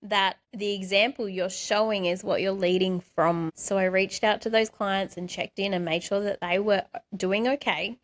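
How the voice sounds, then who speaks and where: A middle-aged woman life coach talking gently to camera, guiding listeners with soft, slow, reassuring words. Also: medium pitch, steady tone. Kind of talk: gentle self-help talk to camera.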